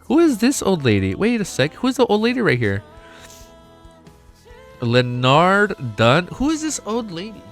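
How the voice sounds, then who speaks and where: A young man streaming a casual reaction, excitable and swearing often, laughing between remarks. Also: high voice, measured pace, pauses often, soft background music. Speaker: streamer reacting to a web novel. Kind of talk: casual live reaction chat.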